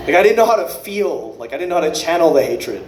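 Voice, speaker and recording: A man doing an unrehearsed stand-up set, rambling and profane, with quick self-correcting asides. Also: fairly high pitch, sing-song, darkish tone, roomy sound, slight background noise. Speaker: stand-up comedian.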